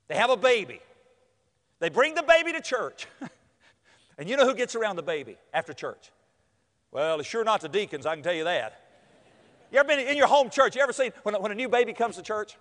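A male preacher telling stories in a sermon, acting out the lines of the people in them. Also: pushed and bright. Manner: storytelling with acted-out quotes and big pitch swings. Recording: hall reverb.

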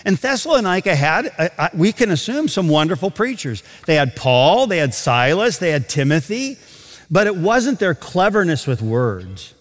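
A man preaching a sermon to a congregation, animated, slowing down to stretch key phrases. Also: high voice, in a large hall. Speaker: pastor. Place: large auditorium.

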